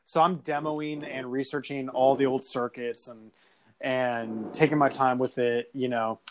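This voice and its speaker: A man's voice: mid-range voice, little pitch movement, a little slow, a little hiss or hum. A man telling a story in casual chat, rambling with many fillers and swear words.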